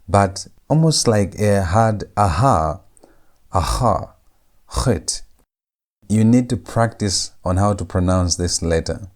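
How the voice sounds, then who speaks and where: Very deep, slow-speaking man teaching. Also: a little mellow. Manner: repeats each sound several times, drawn out. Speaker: language teacher. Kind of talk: slow lecture on letter pronunciation.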